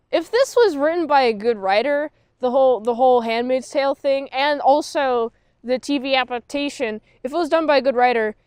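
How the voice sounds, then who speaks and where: A woman with a bright, high voice talks through a TV season in a casual, critical review. She is blunt and sarcastic and slips into quick quoted voices for the characters. The sound is dry, with no room echo. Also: clean tone.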